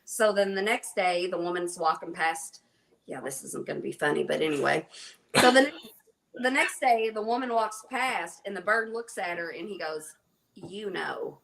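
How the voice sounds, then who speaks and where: A woman's voice: fairly low pitch, animated, normal speed, gravelly, a bit bright. A woman guest on a casual livestream, telling a joke in a rambling way. She stops to put herself down as she goes. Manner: rambling, self-deprecating.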